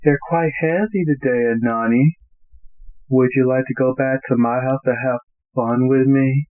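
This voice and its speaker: A man voicing a bubbly, teasing cartoon pony mare in a high falsetto for an amateur fan fiction reading. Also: big pitch swings, a little slow, a little hiss or hum. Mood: playful. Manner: shrill jumps up into falsetto. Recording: tinny, phone-like lo-fi audio.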